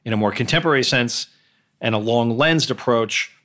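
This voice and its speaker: A man's voice: mid-range voice, normal speed, a bit bright. A man hosting a podcast, talking through films in a blunt, opinionated, conversational way with frequent hesitations. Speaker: podcast host. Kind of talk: casual solo film commentary.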